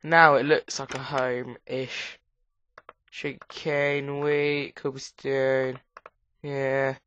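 A woman with a cold gives rambling casual commentary while playing a game, breaking into sudden high squeals. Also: flat delivery, very slow, fairly bright tone. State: has a cold. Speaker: gamer. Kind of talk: casual let's play commentary. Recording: dull lo-fi recording.

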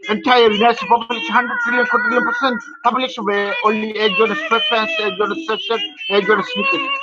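A man's voice: very high voice, wildly swooping pitch, fast talker. A man in a rambling, repetitive rant monologue, stumbling over words and repeating himself. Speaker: vlogger. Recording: dull lo-fi audio over loud music.

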